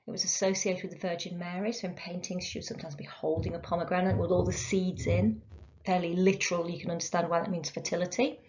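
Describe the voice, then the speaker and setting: A woman's voice: on the low side, level tone, fast talker, darkish tone. A woman teaching a recorded literature lesson, explaining step by step with frequent ums and uhs. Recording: dull lo-fi recording.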